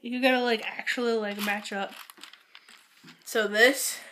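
A young woman chatting casually with a friend, loud, blunt and dramatic, often laughing through her words. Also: fairly high pitch, fairly even intonation, measured pace, slight background noise. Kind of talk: casual chat.

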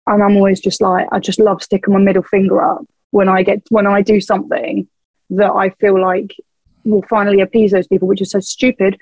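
A woman's voice: medium pitch, flat delivery, fairly quick, a little mellow, no echo, rough recording. A young woman, a band's vocalist, chatting frankly as a podcast guest, laughing often and swearing casually. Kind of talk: casual chat.

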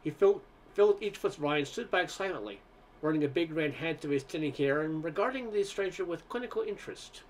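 Guy reading a story out loud, easygoing, kinda high voice, trips on words now n then. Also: lively intonation, a little fast, a little hiss or hum. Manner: conversational, with occasional stumbles. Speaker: narrator. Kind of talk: first-person story reading.

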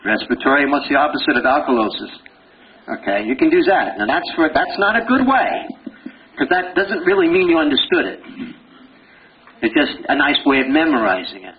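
An older man giving a lively pathology lecture, quizzing students with rapid questions and joking as he goes. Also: a little high. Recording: dull lo-fi lecture recording with faint hiss.

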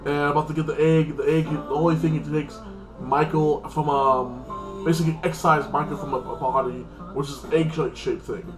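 A channel host casually recaps a TV episode, rambling along and leaning on fillers like "like" and "freaking." His slightly high voice stays level at a moderate pace, in an echoey room with faint music underneath.

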